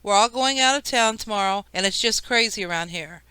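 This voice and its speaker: A woman's voice: medium pitch, fairly quick, sharp tone, clean tone, no echo, natural voice, rough recording. A woman reading an audiobook, voicing a harried mother who is stern and overwhelmed. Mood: flustered.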